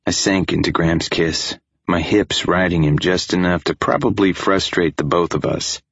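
Male narrator, very deep voice, husky, first-person audiobook, dry dull recording. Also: moderate pace, no echo.

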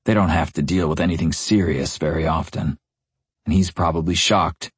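A man's voice: a bass voice, steady tone, moderate pace, breathy edge, no echo. A young man narrating a first-person novel in a gritty, intense tone. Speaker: audiobook narrator.

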